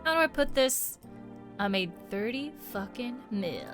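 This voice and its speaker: A woman's voice: on the high side, lively intonation, measured pace, voice pushed up. A woman voicing a crude, boastful male gambler who swaggers and calls everyone bro. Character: brash loudmouth male gambler, boastful swindler. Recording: game music behind.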